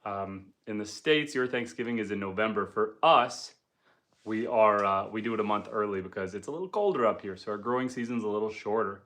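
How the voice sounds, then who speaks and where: A Canadian man hosts a homestead livestream indoors by his wood stove fire, chatting easily and reading viewer comments with frequent ums and uhs. His voice is lowish and fairly bright, moving a little fast.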